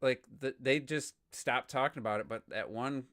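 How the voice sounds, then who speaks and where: A man co-hosting a gaming podcast, chatting casually and telling animated stories. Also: mid-range voice, normal speed. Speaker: podcast co-host. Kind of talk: casual chat.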